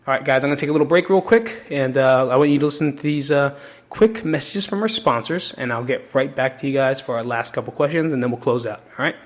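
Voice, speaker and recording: A New Jersey man hosts his own podcast, speaking alone to listeners in a casual monologue that's candid, emotional and full of swearing. His voice is medium-pitched and he talks fast, addressing the audience directly.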